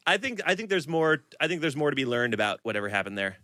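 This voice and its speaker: Podcast guy with a bright lively voice, laughs a lot, joking around. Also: fairly high pitch, no echo, clean studio sound. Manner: laughs often, joking, quick replies. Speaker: podcast co-host. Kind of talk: casual banter podcast.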